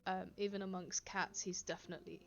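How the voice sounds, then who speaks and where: A woman's voice: on the low side, flat delivery, brisk, creaky, muffled recording. A woman chatting casually to her live-stream chat from home, laughing often and reading viewers' comments aloud. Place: home, indoors. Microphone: desk microphone.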